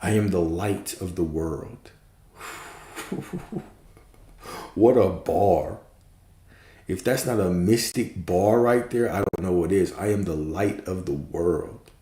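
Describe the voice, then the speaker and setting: A man's voice: deep voice, takes it slowly, dark tone, reverberant. A man giving a spiritual teaching talk as a coach, emphatic and preachy, with casual profane asides.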